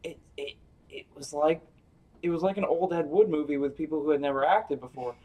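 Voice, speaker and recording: Higher-voiced man, a bit off-mic. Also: steady tone, a little fast, dark tone, far from the mic, rough recording. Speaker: podcast co-host. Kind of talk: casual movie review chat.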